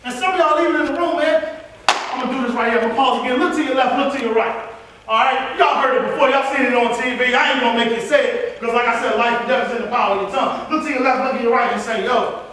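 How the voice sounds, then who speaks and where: High-voiced man speaking in a hall. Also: racing. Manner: preacher-like, calls out to audience. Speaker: motivational speaker. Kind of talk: motivational speech. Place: large hall. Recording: echoey hall from far off, faint noise.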